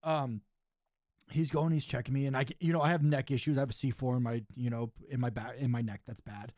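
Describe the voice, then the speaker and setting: A man's voice: medium pitch, brisk, dry recording, studio quality. A young man, a podcast host who wrestles, telling a story in casual chat with lots of "right?" and "dude.". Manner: animated storyteller, says "right?" and "dude" often.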